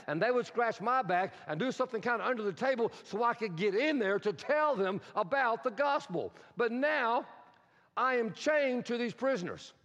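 A man preaching a sermon as pastor, animated and acting out the lines he quotes. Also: very high-pitched. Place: church sanctuary. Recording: dull sound in a hall with long reverb.

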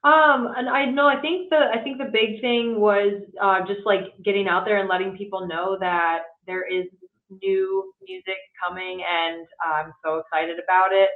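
A woman's voice: medium pitch, lively intonation, normal speed. A woman who is a guest musician, chatting casually and hesitantly with many fillers. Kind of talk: casual chat. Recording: tinny phone-like line in a roomy space.

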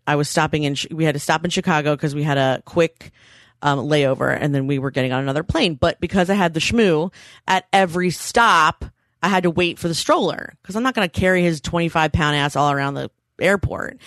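In a clean, dry studio recording, a woman in her thirties co-hosts a podcast, spinning stories in relaxed conversation and cursing freely. Her voice sits low with a fairly bright tone.

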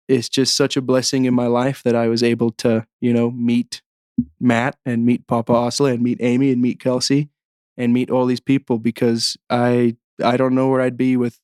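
Earnest young man, flat steady voice. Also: medium pitch, no echo, studio quality. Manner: earnest, halting, many restarts. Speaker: guest. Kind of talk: personal testimony storytelling.

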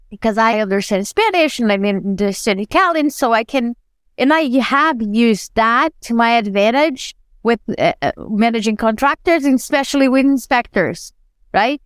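A woman who is not a native English speaker, co-hosting a podcast and telling stories in an animated, self-deprecating way. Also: on the high side, moderate pace, smooth, no room sound, clean studio sound. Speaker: podcast co-host. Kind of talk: casual podcast conversation.

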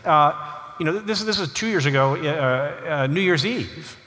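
A middle-aged man spins funny family anecdotes on a lecture stage, laughing easily at himself. His voice is high and bright, and it rings with the long echo of a big hall. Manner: animated, self-deprecating, quick to laugh. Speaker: author giving a lecture. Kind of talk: humorous storytelling to a live audience.

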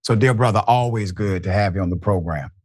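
A man hosting a talk show, speaking in a measured way and praising his guest. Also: lowish voice, husky, dry recording, clean studio sound. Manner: measured, warm praise, addresses guest as dear brother. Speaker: host.

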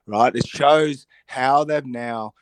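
A husky man whose voice is roughened by a cold, co-hosting a radio show. He rambles in an animated way and often restarts his sentences. His pitch is mid-range, and the sound is dry and close. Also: slow pace, dry recording. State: recovering from a cold. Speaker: radio co-host. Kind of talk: casual radio chat.

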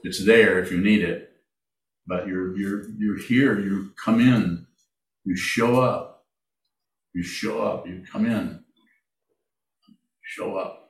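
A man leading a meditation Q&A, speaking slowly and haltingly, often repeating his phrases. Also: lowish voice, fairly even intonation. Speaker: meditation teacher. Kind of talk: Q&A in a dharma talk. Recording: echoey room from far off.

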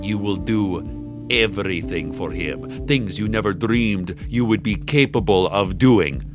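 A man voicing an ominous female ghost who speaks slowly and gravely. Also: on the low side, lightly acted. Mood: sinister. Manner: slow, portentous delivery. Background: music.

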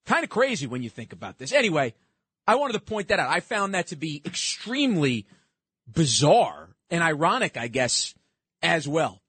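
NY-male talk radio host, 30s, high lively pitch, punchy sarcastic delivery. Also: normal speed, slightly rough, no room sound. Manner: sarcastic, emphatic, takes calls. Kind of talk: political talk radio monologue.

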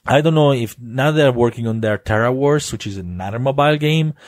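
A man's voice: mid-range voice, brisk, no room sound. A man with an Italian accent hosting a solo podcast in a casual, earnest way, with plenty of fillers and self-corrections. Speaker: podcast host.

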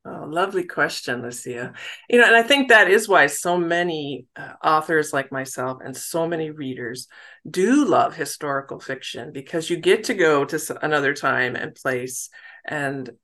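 Middle-aged woman from the US, bright clear tone, chatty, quick to laugh. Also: low voice. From United States. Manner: chatty, laughs easily, warm self-deprecating. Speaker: novelist guest. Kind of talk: casual interview talk.

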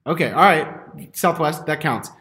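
A man's voice: fairly high pitch, measured pace, sharp tone, roomy sound. A man hosting a podcast in casual banter, upbeat and teasing his co-hosts. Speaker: podcast host.

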